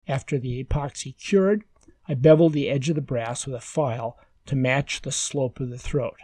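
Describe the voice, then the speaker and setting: A man delivers a scripted woodworking voice-over, walking through each step in a calm, measured way. His voice sits in the mid-range, and there's no echo.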